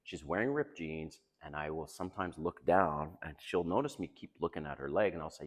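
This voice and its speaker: A man's voice: very deep voice, a little fast, hardly any pauses, big-room sound. A man giving casual dating advice in a chatty, confiding way, laughing often. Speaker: dating coach.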